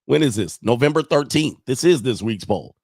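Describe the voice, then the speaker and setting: A man's voice: mid-range voice, lively intonation, moderate pace, darkish tone, slightly rough, no echo, studio quality. A man hosting a casual sports livestream, thinking aloud as he goes and chuckling often while he reads viewer messages. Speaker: sports show host.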